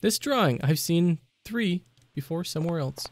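Young male let's-player, slightly high voice, skittish and jokey. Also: animated, normal speed, background noise. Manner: jumpy, panicky reactions with joking asides. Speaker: gaming YouTuber. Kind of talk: let's play commentary.

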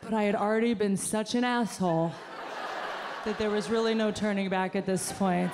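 Woman, stand-up comic, animated self-deprecating delivery, live in a reverberant theater. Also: medium pitch, normal speed, background noise. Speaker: stand-up comedian. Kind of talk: stand-up comedy set. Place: large theater stage with audience. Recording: long hall reverb, faint room ambience.

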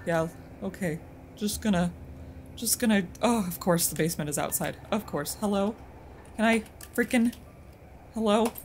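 Jumpy woman gamer, lively and bright. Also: medium pitch. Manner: jumpy, talks to herself, shrieks when startled; drops to a hushed mutter while hiding. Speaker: gaming streamer. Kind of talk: horror game playthrough commentary.

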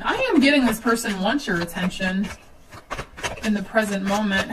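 A woman's voice: medium pitch, normal speed, recorded from a distance, noisy background. A woman giving a casual tarot reading at home, chatty, with filler ums and nervous laughs. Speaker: tarot reader.

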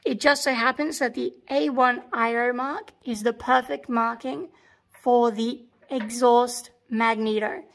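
A slightly hoarse woman with an Australian accent gives a patient, step-by-step workshop tutorial, repeating key points while filming on a handheld phone in a workshop. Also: a little high, steady tone, a little slow, a bit bright. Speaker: tank restoration mechanic. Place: workshop beside a tank engine.

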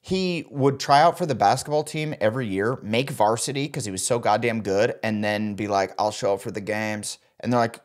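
A man's voice: fairly low pitch, moderate pace, hardly any pauses. A man in his thirties, a podcast co-host telling a comic story in casual chat and acting out the voices of the people in it. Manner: animated, acts out quoted voices.

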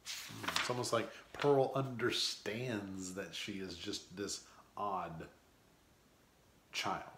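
A man's voice: on the low side, fairly even intonation, slow pace, pauses often, fairly bright tone. A man teaching a novel, reading passages aloud and adding casual asides with many fillers. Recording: roomy echo.

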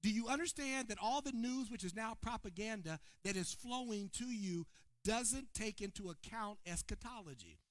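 A man preaching a sermon to his congregation, calling on people by name and swinging between shouted points and quiet asides. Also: high-pitched, expressive, moderate pace, dry recording, studio quality. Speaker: pastor. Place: church sanctuary before a congregation.

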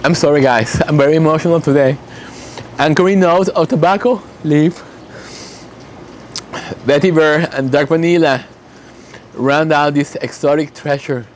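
Man, slightly raised pitch, emotional casual candle-making talk, faint background hum. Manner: emotional, reads fragrance notes aloud slowly. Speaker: candle maker.

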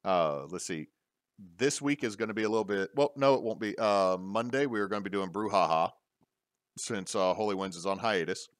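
A man hosting a casual podcast, rambling with many fillers and pauses. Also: on the low side, no room sound, studio quality. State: hiccups. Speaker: podcast host.

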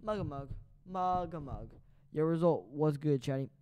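A man's voice: fairly high pitch, moderate pace, dark tone, clear, resonant tone. Sleepy young man rambling to chat. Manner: rambling, talks to chat while playing. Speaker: game streamer. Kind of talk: casual live-stream chat. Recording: faint background noise.

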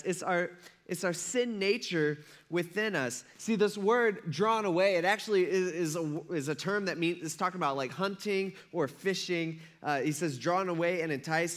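A male pastor preaching a sermon in a conversational, animated way, acting out little scenes with playful voices. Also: on the high side. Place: church service.

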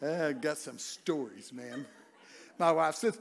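Folksy older preacher with a high voice. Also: male voice, takes it slowly, creaky. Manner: folksy, jokey, bursts into loud shouts. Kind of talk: humorous sermon storytelling. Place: church sanctuary.

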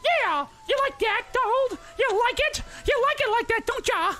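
A squeaky cartoon Mickey, brash and crude. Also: male voice, lively intonation, normal speed, pushed and bright, soft background music, exaggerated voice. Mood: gloating. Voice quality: squeaky falsetto. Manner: brash, trash-talking, mock-dramatic. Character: vulgar cocky male cartoon mouse. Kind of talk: comedic voice-chat role-play.

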